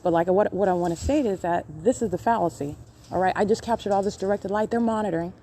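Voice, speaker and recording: A woman's voice: medium pitch, quick pace, dark tone. A woman recording herself in a public library, talking in an accusing, insistent way and repeating her points. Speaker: podcast host recording her own encounters. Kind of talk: live self-recorded commentary.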